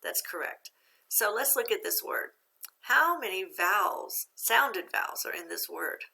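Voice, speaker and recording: A woman's voice: mid-range voice, animated, unhurried, creaky, bright, forceful tone. A woman teacher giving a phonics lesson to young students, patient and encouraging, asking questions and answering them herself.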